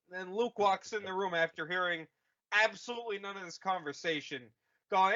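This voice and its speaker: A man co-hosting a podcast, recapping a movie comedically and acting out characters in quick bursts. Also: high-pitched, pushed and bright, muffled recording. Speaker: podcast co-host.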